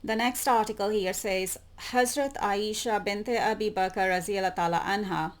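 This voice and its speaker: A woman with a medium-pitched voice and moderate pace hosts her YouTube channel. She reads web articles aloud, comments on them, and repeats words she wants to stress.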